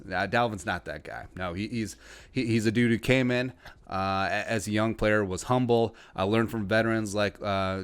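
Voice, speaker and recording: A man's voice: lowish voice, fairly bright tone, clear, resonant tone. A man hosting a sports podcast, chatting casually with lots of fillers and restarts, with a Midwestern American accent. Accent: Upper Midwestern American. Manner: conversational, many fillers and restarts. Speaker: podcast host.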